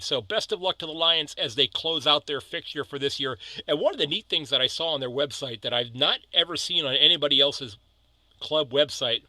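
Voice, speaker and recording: A man's voice: fairly high pitch, bright, forceful tone, no echo. An American man in his fifties hosting a casual podcast chat, talking loosely with frequent restarts. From United States. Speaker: podcast host.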